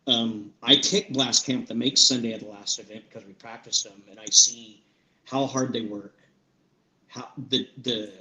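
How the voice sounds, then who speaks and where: A man coaching paintball, reflecting on practices and matches on a podcast. His tone is bright and forward, and he pauses with "um" often. The sound is roomy and echoey. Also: mid-range voice, steady tone. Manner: reflective, recounts practices and matches, many ums. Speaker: paintball coach and show panelist. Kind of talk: casual podcast analysis.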